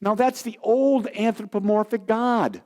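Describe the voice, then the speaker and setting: A male minister with a high-pitched voice delivers a sermon at a measured pace. He's an animated storyteller, telling stories and acting out the voices of the people in them.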